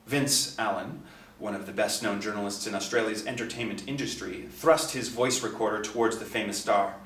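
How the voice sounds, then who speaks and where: A man narrating a novel in a steady, expressive reading. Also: lowish voice, moderate pace. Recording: echoey, distant mic.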